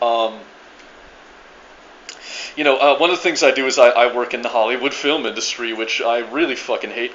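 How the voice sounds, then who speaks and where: A man's voice: fairly low pitch, a bit bright, dull audio, slight background noise. A man ranting to his viewers in a profane, rambling monologue, full of restarts and stammered repeats. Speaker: video blogger ranting to viewers.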